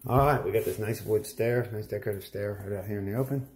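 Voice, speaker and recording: Speaking fast in a lowish, slightly mellow voice, a middle-aged builder shows off a house on a casual walkthrough. He's folksy and enthusiastic, noting things as he moves from spot to spot.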